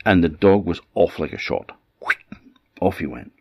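A man with a Scottish Orkney accent telling a folktale in an expressive, unhurried way. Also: deep voice, husky, no room sound, clean studio sound. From Orkney Islands, Scotland. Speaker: storyteller. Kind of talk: folktale storytelling.

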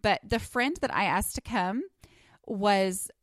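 A woman talks through her solo podcast in a loose, chatty way, wandering into asides and filling pauses with ums. Her voice sits at an ordinary middle pitch for a woman. It is recorded close and dry, with no room sound, while she sits at home under a blanket. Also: dry recording. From Texas. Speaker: podcast host. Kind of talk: casual solo podcast chat.

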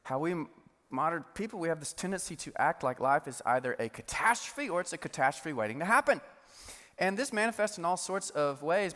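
A male pastor delivering a sermon in a humorous, conversational and animated way. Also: a little high. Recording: long hall reverb.

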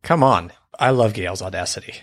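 A man co-hosting a podcast, joking and teasing in relaxed conversation about a cartoon. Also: fairly low pitch, moderate pace. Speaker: podcast co-host. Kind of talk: casual chat about a cartoon episode.

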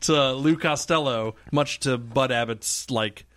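A man's voice: mid-range voice, slow pace, fairly bright tone, dry recording. A man co-hosting a casual podcast, telling a rambling story, laughing often and acting out the lines of the people he quotes. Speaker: podcast co-host.

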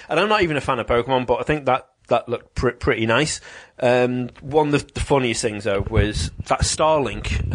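A man co-hosting a casual podcast chat, rambling with ums and restarts. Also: mid-range voice. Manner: chatty, many ums and restarts. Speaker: podcast co-host. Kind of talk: casual chat about video games.

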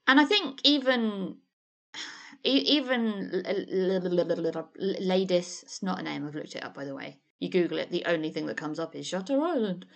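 A woman's voice: lowish voice, very animated, normal speed, gravelly, fairly bright tone. A woman, co-hosting a casual film chat podcast, blunt and sweary, often trailing off and restarting. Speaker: podcast co-host.

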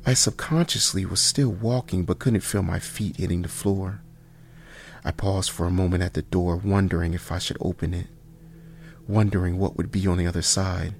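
A man with a deep voice narrates a first-person horror tale, keeping his delivery hushed and deliberate, sometimes sinking almost to a whisper. His pitch stays flat and even throughout. A faint hiss of noise sits under the recording. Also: creaky. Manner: slow, hushed, dropping to near whispers.

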